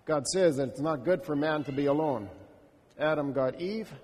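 A man with a high, breathy voice delivers a slow first-person monologue. His tone stays intimate and reflective, as if voicing his own thoughts. The recording carries a long hall reverb. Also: a little mellow. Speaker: storyteller.

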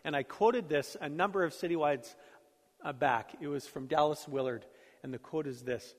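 A man's voice: fairly high pitch, normal speed. A middle-aged male pastor preaching a sermon in a conversational, storytelling way, self-deprecating about his own life. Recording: long hall reverb.

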